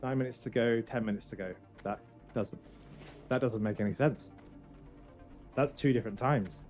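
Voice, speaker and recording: A man streaming a game for charity in casual, joking chat, swinging from loud outbursts to quiet muttering. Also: medium pitch, moderate pace, faint music behind.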